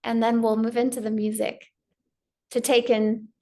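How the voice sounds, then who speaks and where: A woman teacher giving a gentle, story-filled spiritual talk on yoga. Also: a little high, flat delivery, normal speed.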